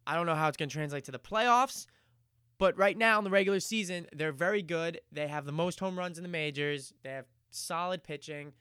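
A male podcast host with a slightly high, bright, crisp voice, recorded dry and close. He rambles casually through his talk, leaning on fillers and dropping the occasional swear word. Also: fairly quick, no room sound. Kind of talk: casual solo sports and film podcast.

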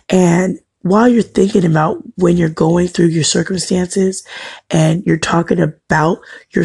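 A woman giving an earnest, faith-based motivational talk, repeating her points for emphasis and sometimes dropping to a hush. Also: lowish voice, vocal fry, husky, dry recording. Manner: earnest, preaching encouragement with emphatic repetition. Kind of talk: inspirational devotional talk.

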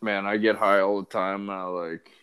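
A man's voice: lowish voice, moderate pace, clean tone. A man co-hosting a podcast, telling stories in casual, profane chat. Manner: profane, animated storytelling. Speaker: podcast co-host.

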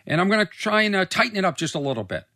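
A man's voice: sits high, very animated, very fast, gravelly, sharp tone, no room sound, clean studio sound. A man hosting his own podcast as a comedian, rambling loosely, swearing freely and mocking himself. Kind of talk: casual rambling monologue. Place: recording studio.

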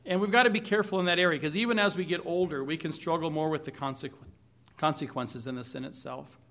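A man's voice: a little high, quick pace, a bit bright. A man preaching a sermon, reading scripture aloud and asking the congregation questions with light humor. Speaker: pastor.

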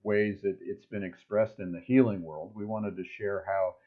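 A man co-hosting a casual weekly chat show, animated and laughing often, sometimes breaking into a high playful voice. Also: moderate pace. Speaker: co-host. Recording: tinny phone-like line.

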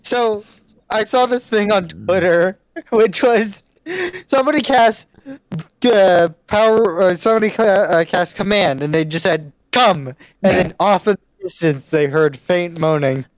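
A woman's voice: on the low side, unhurried, dry recording, studio quality. A woman co-hosting a podcast in casual chat, mocking herself and laughing often. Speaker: podcast co-host.

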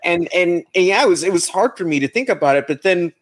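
A man speaking as a guest in a casual podcast discussion, relaxed and chatty. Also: high voice, fast.

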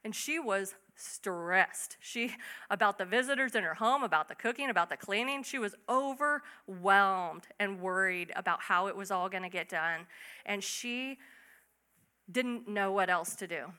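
A young woman giving a casual, chatty Bible teaching, acting out quick asides. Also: mid-range voice, bright, forceful tone. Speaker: bible study speaker.

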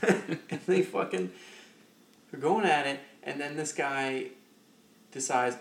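A man's voice: a little high, slow, vocal fry, long pauses. A man co-hosting a podcast, telling stories in casual, profane chat and acting out what people said. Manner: profane, animated anecdote-teller acting out quotes. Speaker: podcast co-host. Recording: roomy echo.

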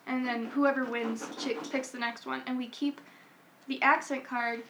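A young woman in casual family chat, explaining game rules haltingly and giggling often. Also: high-pitched, little pitch movement, noisy background.

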